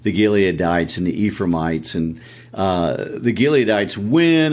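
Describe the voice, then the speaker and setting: A man, co-hosting a podcast and relating stories in a relaxed, conversational way. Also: deep voice. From Tennessee, USA. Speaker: podcast co-host. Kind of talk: casual literary discussion.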